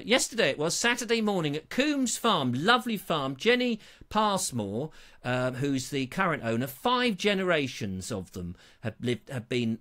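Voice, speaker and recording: A man's voice: fairly high pitch, a bit bright. A middle-aged man hosting a live online show, chatting to viewers with theatrical, teasing jokes and asides. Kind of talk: chatty live-stream monologue.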